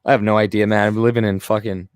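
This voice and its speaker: A young man with a lowish voice, his first language French, talks straight into a close mic in a dry, dead room. He rants to his livestream chat, swearing freely and mocking in a sarcastic tone. The delivery is loose and off the cuff. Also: little pitch movement, very fast, clear, resonant tone, dry recording. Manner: profane, ranting, sarcastic. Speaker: livestream host. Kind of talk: casual livestream chat, reading comments aloud.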